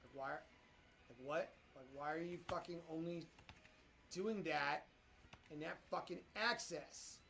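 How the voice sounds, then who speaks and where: A man streaming live who swears constantly and talks at his software, frustrated as he works. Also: a little high, measured pace, long pauses. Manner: profane, frustrated, talks at the program. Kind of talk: live-stream commentary while working in software.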